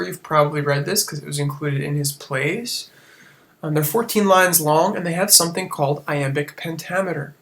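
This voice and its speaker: A man's voice: fairly high pitch, a bit bright. A man teaching a recorded lesson, speaking casually and explaining things step by step.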